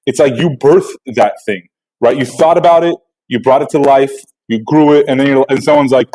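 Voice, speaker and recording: A man's voice: mid-range voice, moderate pace, warm tone, poor audio. A man hosting a podcast interview, talking things through in a conversational, questioning way with many fillers. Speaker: podcast host.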